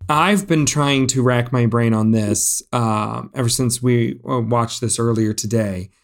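A man's voice: medium pitch, unhurried, creaky. A man co-hosting a podcast, chatting casually and animatedly, with plenty of fillers. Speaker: podcast co-host. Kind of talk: casual chat.

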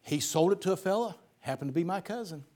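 A man's voice: sits high, expressive, fast, a little mellow. A man preaching a sermon, telling a folksy story and then building to fervent emphasis.

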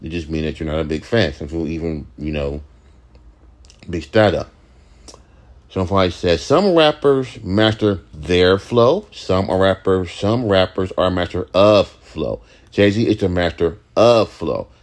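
Profane ranting young man, low voice. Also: unhurried. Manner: profane, ranting, rambling with restarts. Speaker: podcast host, rapper. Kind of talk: casual late-night monologue.

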